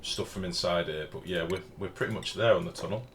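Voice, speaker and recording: A man with a low voice, talking through a live game stream in a loose, chatty way and answering viewers as he plays. He swears casually, and faint street sounds drift in from an open window. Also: brisk, fairly bright tone. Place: home room with the window open. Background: faint outdoor street noise.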